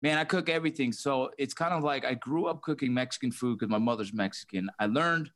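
A man's voice: mid-range voice, fairly quick, a bit bright. A man hosting a casual podcast chat, talking loosely with lots of swearing and laughter. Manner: profane, laughing, loose banter. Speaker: host.

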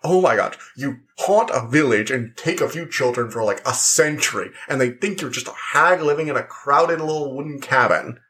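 A man's voice: medium pitch, expressive, normal speed, hardly any pauses, bright, forceful tone. A man voicing an exasperated female demon hag, in an offhand, mildly indignant way, while retelling a cartoon scene.

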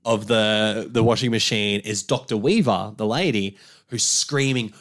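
Low-voiced man recapping a film. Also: a little slow, fairly bright tone. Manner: enthusiastic recapping, frequent agreement, casual swearing. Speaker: podcast co-host. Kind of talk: casual film discussion.

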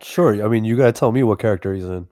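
A man's voice: lowish voice, quick pace, mellow. A man co-hosting a casual podcast, reacting with wry, teasing comments. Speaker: podcast co-host. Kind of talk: casual chat.

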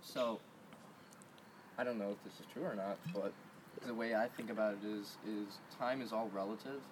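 Cold, shivering man with a low voice. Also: steady tone, moderate pace, noisy background. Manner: hesitant, restarting sentences. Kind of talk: casual conversation.

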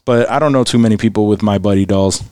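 A man's voice: lowish voice, quick pace, darkish tone, clean tone. A man hosting a casual podcast, joking around, laughing often and swearing freely. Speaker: podcast host. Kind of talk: casual crude podcast banter.

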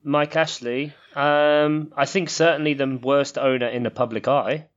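A man's voice: fairly high pitch, little pitch movement, unhurried. A man hosting a casual, jokey chat and leading the questions. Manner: jokey, puts on voices. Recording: slightly dull lo-fi sound.

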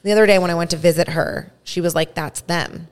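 A woman around thirty telling a story in casual podcast chat, animated and full of "like" fillers. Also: fairly low pitch, very fast, clean tone. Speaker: podcast host.

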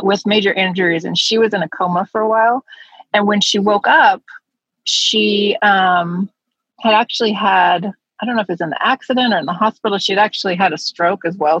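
A woman's voice: on the low side, a bit bright, breathy edge, no room sound, dull audio. A woman co-hosting a podcast, telling a story in a rambling, giggly way with lots of fillers. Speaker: podcast co-host. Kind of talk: casual chat, storytelling.

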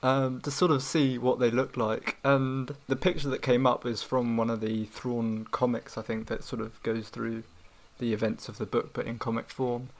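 Male co-host of medium pitch, easygoing and hedging in a book chat. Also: moderate pace, hardly any pauses. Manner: relaxed, hedging with "sort of". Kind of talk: casual book discussion.

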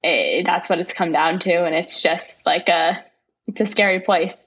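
A woman's voice: on the low side, fairly even intonation, normal speed, fairly bright tone, breathy edge. A young woman in her twenties talking reflectively in a casual podcast chat, hesitant and full of fillers.

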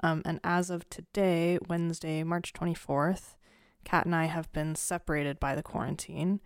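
A woman's voice: deep voice, little pitch movement, normal speed, smooth, dry recording. Woman podcast host, casual announcement, dry close sound, earnest. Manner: earnest, chatty, with fillers. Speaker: true crime podcast co-host.

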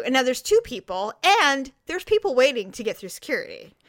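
A woman in casual chat, telling a story in an animated way and acting out both sides of the exchange. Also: high-pitched, brisk. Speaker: podcast co-host telling a story.

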